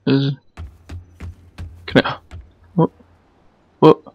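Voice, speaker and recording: A man's voice: extremely slow, dry recording, muffled recording, soft background music. Jumpy gamer guy swearing at a game. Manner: excitable, swears a lot, yelps when startled. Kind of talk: let's play commentary.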